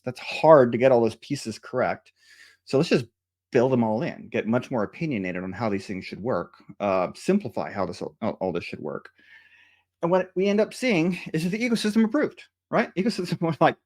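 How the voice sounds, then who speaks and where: A man's voice: medium pitch, darkish tone. Man giving a casual technical talk. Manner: conversational, many fillers and restarts, tag questions. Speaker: software engineer giving a conference talk. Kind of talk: technical presentation.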